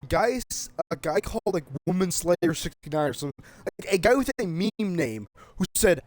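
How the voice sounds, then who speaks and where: A man with a high-set voice that leaps wildly up and down as he rants. He swears freely and bursts into shouts while streaming a game, casual and heated throughout. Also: animated, moderate pace. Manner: heated, profane, often shouting. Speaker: gaming streamer.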